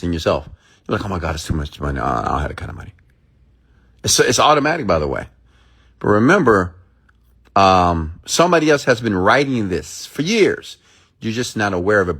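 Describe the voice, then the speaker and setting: Guy with a kinda low voice hyping up his viewers, super emphatic, keeps going "okay? right?", acts out what ur inner voice says. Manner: acts out inner thoughts in quoted asides. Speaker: motivational speaker hosting a livestream. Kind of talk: casual motivational talk to viewers.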